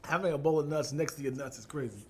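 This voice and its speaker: A man's voice: on the high side, quick pace, noisy background. A man co-hosting a comedy podcast who laughs often and acts out conversations in casual chat. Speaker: podcast co-host.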